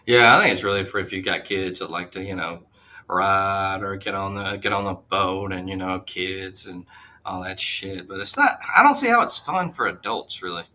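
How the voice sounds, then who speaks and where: A man's voice: low voice, animated, moderate pace, pushed and bright. A man co-hosting a casual podcast, ranting in exasperation and swearing heavily. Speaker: podcast co-host. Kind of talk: casual profane podcast chat.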